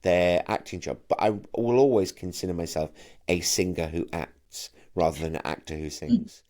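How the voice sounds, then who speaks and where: Man, middle-aged, camp and lively, restarts his sentences, lowish voice. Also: moderate pace. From Manchester, England. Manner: camp, animated, with stammered restarts. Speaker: guest, actor and singer. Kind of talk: casual interview chat.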